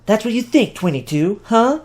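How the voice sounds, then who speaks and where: A flamboyant young man who swoops high and dramatic, all sass and sing-song flourishes, as a man puts him on for an audiobook. He leans hard into every word, playful and theatrical. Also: very animated, moderate pace, darkish tone. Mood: sassy. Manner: sassy, exaggerated, sing-song. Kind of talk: audiobook reading.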